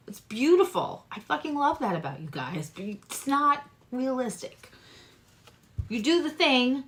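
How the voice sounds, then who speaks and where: A woman giving a casual tarot reading to her viewers, chatty and animated, swearing casually and swinging between loud bursts and soft asides. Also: high-pitched, measured pace. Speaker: tarot reader and astrologer.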